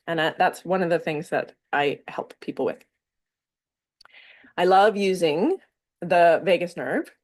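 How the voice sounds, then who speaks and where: A woman leading a somatic wellness workshop, explaining calmly and stretching out some words with pauses between phrases. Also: lowish voice.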